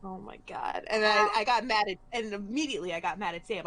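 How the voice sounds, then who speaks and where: A woman's voice: mid-range voice, fast. A woman in casual group chat, telling stories and acting out little quoted lines. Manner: animated storytelling, acting out quotes. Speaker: game master.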